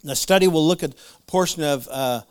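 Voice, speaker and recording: A man's voice: a little high, fairly quick, smooth, no echo, studio quality. A man preaching a conversational sermon, retelling Bible stories with playful asides and laughs. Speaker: pastor.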